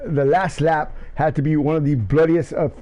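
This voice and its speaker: A man commentating a sim race and interviewing drivers, shouting in excitement, then rambling. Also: a little high, moderate pace, highs cut off.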